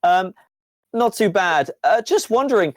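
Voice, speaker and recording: A man's voice: high voice, animated, measured pace, no room sound, pitched above the performer's own voice. A sweetly eager young woman who lives for the rules, voiced by a man running a tabletop game. She talks with little hesitations and a slightly raised, polite voice. The sound is dry and close. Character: eager, rule-loving young woman informer.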